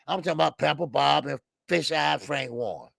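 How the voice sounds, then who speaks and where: A man hosting a call-in boxing show, talking in an animated, profane way that repeats phrases for emphasis. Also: fairly high pitch, brisk, creaky, no room sound, clean studio sound. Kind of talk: animated casual commentary.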